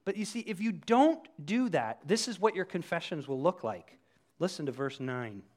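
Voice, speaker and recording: A middle-aged man delivers a sermon as a pastor, in a slightly higher voice that ranges widely. He talks conversationally, then sinks to a hushed, quiet voice for emphasis. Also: expressive, moderate pace. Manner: conversational preaching with sudden drops to a hushed voice.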